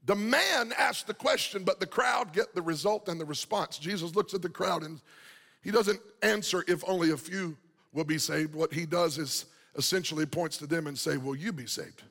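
A man preaching a sermon, shouting and half-singing his phrases with passion. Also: a little high, moderate pace, vocal fry, in a large hall.

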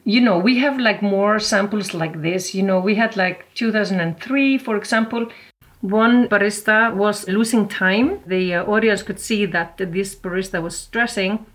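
A woman's voice: medium pitch, moderate pace. A woman answering interview questions in a chatty way, filling her speech with "you know" and "like". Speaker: interviewee, competition volunteer.

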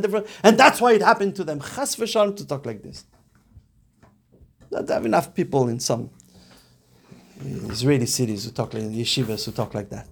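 A man giving a Torah class on Talmud, speaking earnestly and mixing Hebrew and Yiddish terms into his English, rising to urgent emphasis as he exhorts. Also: high voice. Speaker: rabbi teaching Talmud.

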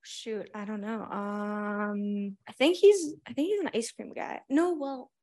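A woman's voice: medium pitch, slow pace, warm tone. A young woman from Washington, D.C. asking a lighthearted question from the audience, hesitant and casual. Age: teens.

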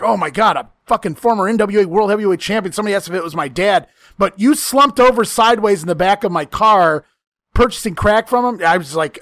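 A man's voice: sits high, fairly bright tone, no room sound. A man hosting a casual chat, telling a long profane story, often laughing and acting out the lines he quotes.

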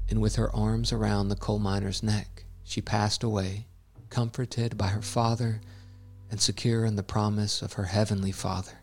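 Low, flat-voiced male devotional narrator. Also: creaky, soft background music. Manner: measured, solemn reading.

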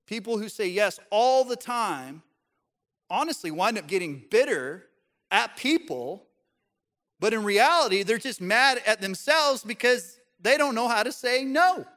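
A man preaching a sermon as pastor, animated and joking, putting on voices to make his points. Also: sits high, a little slow. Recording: long hall reverb.

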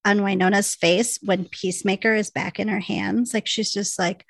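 A woman's voice: medium pitch, fairly even intonation, normal speed, vocal fry, dry recording. A woman co-hosting a casual recap podcast. She chats, laughs a lot and acts out snippets of dialogue. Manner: chatty, laughs often, acts out lines of dialogue. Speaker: podcast co-host recapping a TV episode. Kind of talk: casual chat.

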